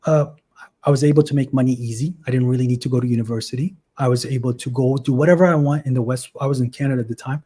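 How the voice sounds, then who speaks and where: Earnest man with a husky voice. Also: mid-range voice, steady tone, rapid-fire, mellow. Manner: earnest, emotional storytelling. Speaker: guest. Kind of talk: casual livestream chat.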